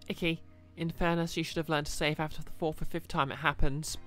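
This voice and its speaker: A man's voice: on the high side, little pitch movement, brisk, hardly any pauses, sharp tone, soft background music. A man streaming a video game, making wry, dry asides between lines. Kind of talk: casual game commentary.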